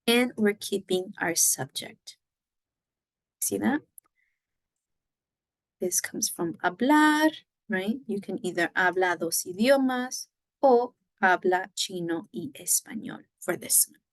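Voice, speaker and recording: Woman Spanish teacher, slow careful explaining, gravelly edge, dry close sound. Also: mid-range voice, animated, no room sound, poor audio. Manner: slow, patient step-by-step explaining, switching between English and Spanish. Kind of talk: recorded classroom lesson.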